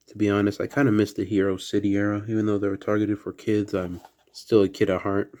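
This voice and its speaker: Guy with a bit of a southern accent talking low and quiet, casual toy unboxing chat at home late at night. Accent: slight Southern US. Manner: soft, hushed indoor voice. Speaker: toy collector vlogger.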